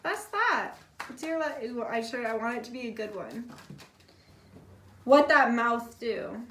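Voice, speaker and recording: A fairly high-voiced woman talks her way through a casual tarot reading in a loose, blunt way, cursing without a second thought. Her voice bounces around an echoey room. She sits a little back from the mic. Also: big pitch swings, moderate pace, pushed and bright, distant mic, a little hiss or hum. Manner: chatty and blunt, swears freely, many fillers like "like". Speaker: tarot reader.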